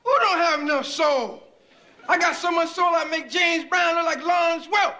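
A brash, wisecracking teenage boy who brags constantly, his voice sitting very high and bouncing around a lot. The sound comes from a noisy old television recording with a heavy hiss. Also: animated, normal speed. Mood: teasing. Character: brash skinny teenage boy, boastful joker. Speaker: teenage son in a sitcom family.

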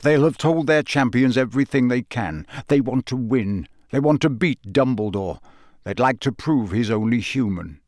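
A man voicing a gruff, grizzled old wizard, blunt and suspicious, with a growling delivery. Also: mid-range voice, expressive, moderate pace, darkish tone, no echo, studio quality, close to an everyday voice.

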